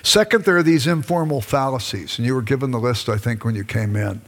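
A man's voice: mid-range voice, fairly quick. A middle-aged man teaching a church audience about marriage in a conversational, self-deprecating way, acting out his own past arguments. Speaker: speaker on marriage. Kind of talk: sermon-style teaching talk.

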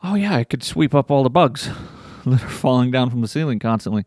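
A man co-hosting a podcast in casual chat, animated, swearing freely and laughing often. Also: medium pitch, brisk, no echo, studio quality. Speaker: podcast co-host.

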